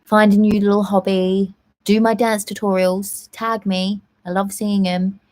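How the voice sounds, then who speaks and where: A woman's voice: mid-range voice, flat delivery, unhurried, darkish tone. A young woman at home hosting a casual live Q&A, chatting in a rambling way with many fillers. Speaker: live stream host answering viewer questions.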